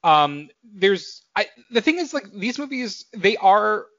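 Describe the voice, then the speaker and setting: A young man in his twenties chatting casually as a podcast co-host, his voice sitting a bit high for a man. He rambles, restarts and pads with fillers. The audio is dry and a little dull, with no room sound. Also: sing-song, takes it slowly, fairly bright tone, dry recording. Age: 20s. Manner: rambling, filler-heavy, self-correcting. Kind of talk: casual chat.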